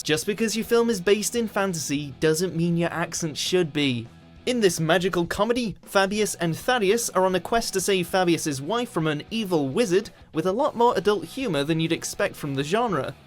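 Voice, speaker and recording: A man's voice: high voice, expressive, normal speed, soft background music. A British man narrating a countdown list in a dry, sardonic scripted delivery.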